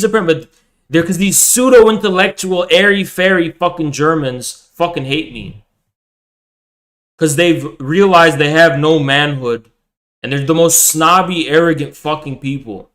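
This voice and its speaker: A man on a livestream launches into a loose, profane rant, boisterous and confrontational as he fires off questions at his audience. His voice sits a little high for a man. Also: normal speed, a bit bright. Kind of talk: ranting livestream monologue.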